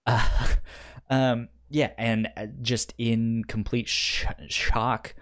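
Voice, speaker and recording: A man's voice: mid-range voice, level tone, fairly bright tone. A man co-hosting a podcast, casually recapping a TV series with frequent stammers and repeated syllables, swearing freely and acting out characters' lines. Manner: acts out characters' lines in quick quoted bursts. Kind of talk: casual chat.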